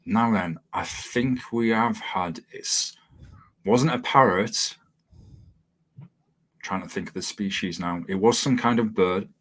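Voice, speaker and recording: A man hosting an interview, chatty and quick to laugh as he tells stories. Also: low voice. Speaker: podcast host. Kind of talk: casual interview chat.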